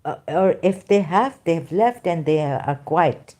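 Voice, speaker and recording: A woman vlogger with a non-native English accent speaks directly to her viewers in an unscripted, emphatic, rambling monologue. Her voice is fairly low and dark, with lively intonation, and she takes her time.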